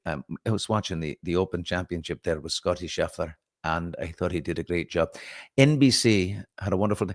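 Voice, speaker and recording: Lower-voiced New York man hosting a morning show. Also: no room sound, clean studio sound. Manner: animated storyteller, reads viewer comments aloud. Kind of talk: casual storytelling chat.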